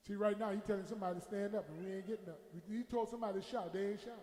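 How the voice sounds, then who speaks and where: A man preaching a sermon as pastor, shouting out lines to the congregation and dropping to quieter asides. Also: steady tone, racing, hardly any pauses. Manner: preaching with shouts and call-and-response, drops to a low aside. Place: church sanctuary. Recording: echoey hall with long reverb.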